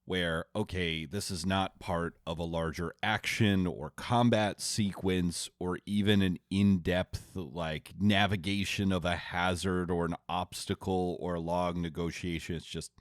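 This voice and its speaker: A man's voice: low voice, fairly even intonation, measured pace, hardly any pauses, no room sound, studio quality. A man co-hosting a tabletop gaming podcast, asking questions and steering the conversation. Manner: asks questions, guides the conversation. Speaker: podcast co-host. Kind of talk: casual podcast chat.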